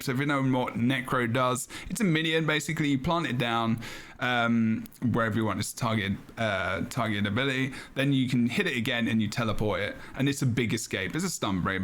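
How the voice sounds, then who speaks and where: A man's voice: medium pitch, fairly bright tone. A man hosting a casual gaming podcast, thinking aloud with many fillers and restarts. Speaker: podcast host.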